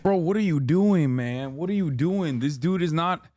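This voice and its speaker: A man's voice: a little high, expressive, normal speed, warm tone, no echo. A man in his thirties streaming a reaction, ranting heatedly with lots of swearing and exasperated repetition. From grew up in a Muslim country. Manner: profane, exasperated, emphatic repetition. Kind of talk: heated casual rant.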